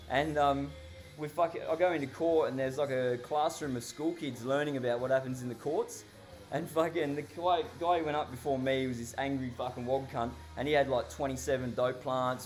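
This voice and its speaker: A man's voice: mid-range voice, a little mellow. Foul-mouthed Australian man spinning a yarn. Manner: heavily profane, rambling, laughs while telling. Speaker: storyteller. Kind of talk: casual anecdote telling.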